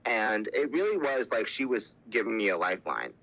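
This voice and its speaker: A man's voice: fairly low pitch, sing-song, normal speed, fairly bright tone, highs cut off. A man speaking as a podcast guest, telling a personal story in casual, candid talk, with lots of "like" and "you know".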